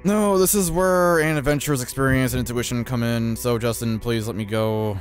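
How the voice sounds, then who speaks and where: A man hosting a let's play, reading the game's dialogue aloud and reacting emotionally, his voice jumping high when startled. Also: moderate pace, soft background music. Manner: emotional, excitable, voice jumps high when alarmed. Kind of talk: reading game text aloud with casual commentary.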